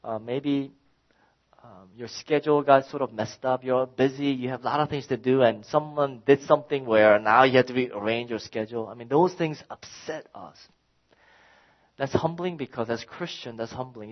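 A middle-aged man, a pastor, preaching a sermon and telling a personal story in an animated way, acting out his own exasperation. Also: mid-range voice, muffled recording.

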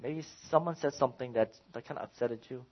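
Speaking fast in a mid-range voice over lo-fi sound, a middle-aged pastor preaches and recounts a personal story. He's animated throughout, acting out how exasperated he was.

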